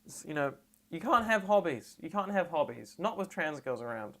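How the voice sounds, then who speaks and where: A trans woman streaming live and reacting to memes, rambling and sarcastic with deadpan asides, and tired. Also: low voice, normal speed.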